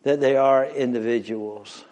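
Slow, dramatic male preacher. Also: fairly even intonation. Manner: swings from hushed low phrases to shouted high climaxes; slow, drawn-out delivery with dramatic pauses. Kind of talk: sermon.

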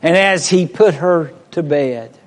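A preacher delivering a sermon slowly and deliberately, swelling to loud emphasis and dropping to a hush. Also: male voice, on the high side. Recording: long reverb of a large hall.

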